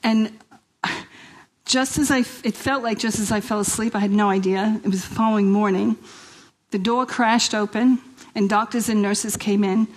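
A middle-aged woman from New York tells her own story to a church gathering, her accent plain in every line. She speaks earnestly and with feeling, pausing and restarting as she goes. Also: mid-range voice, fairly even intonation, rough recording. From New York, USA. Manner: emotional, earnest, with hesitations. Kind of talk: personal testimony talk.

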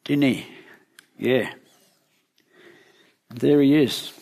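A man preaching a sermon, retelling a Bible story in lively words and asking the listeners questions. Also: medium pitch, drawn-out words, creaky.

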